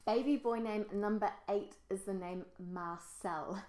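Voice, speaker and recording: Woman vlogging, upbeat and gushy, mid pitch, roomy echo. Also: unhurried, a little mellow. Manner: enthusiastic, gushing about favourites. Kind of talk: casual presenting to camera.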